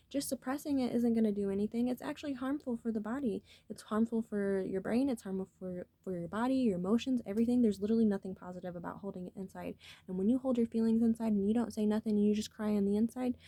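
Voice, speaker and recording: Mellow, higher-voiced woman vlogging. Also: no room sound. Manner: rambling, earnest, swears freely. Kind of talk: casual spiritual talk to viewers.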